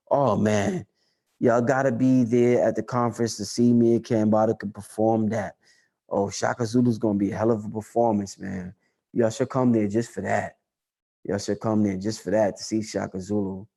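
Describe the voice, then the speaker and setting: A man hosting a casual livestream chat, talking loosely and profanely, repeating lines for emphasis and rising to excited highs. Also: moderate pace. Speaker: livestream host answering chat.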